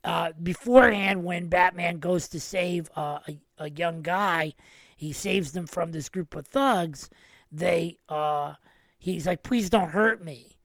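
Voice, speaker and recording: A man's voice: on the high side, fairly even intonation, slow, creaky, fairly bright tone, no echo. A man hosting a podcast, giving a casual and enthusiastic film review and retelling scenes at length. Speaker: podcast host.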